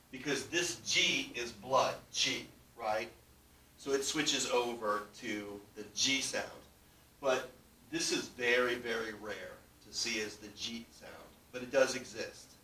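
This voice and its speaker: A man's voice: medium pitch, a little slow, sharp tone. A man teaching a class, explaining step by step and often checking that students follow. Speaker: language teacher. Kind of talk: classroom lesson. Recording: roomy, distant, faint background noise.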